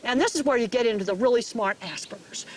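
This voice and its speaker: A woman's voice: a little high, fast talker, slight background noise. A woman in an interview, explaining things in a direct, plain-spoken way. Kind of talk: interview talk.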